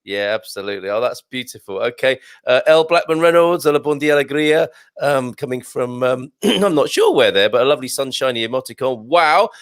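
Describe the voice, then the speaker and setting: Chatty but halting, this male host keeps restarting as he reads out viewer comments on a live show. His medium-pitched voice is expressive, captured in a dry recording.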